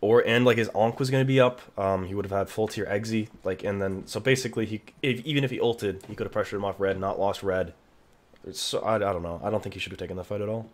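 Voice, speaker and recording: A man casting a video game match, chatty and excitable, laughing and cursing at big plays. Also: on the low side, quick pace. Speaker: caster. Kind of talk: casual game commentary. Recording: background noise.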